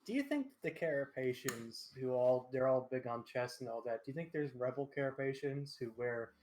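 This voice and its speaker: A man's voice: medium pitch, animated, normal speed, a little mellow, faint music behind. Offhand man chatting on a call. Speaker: friend on a group call. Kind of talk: casual chat.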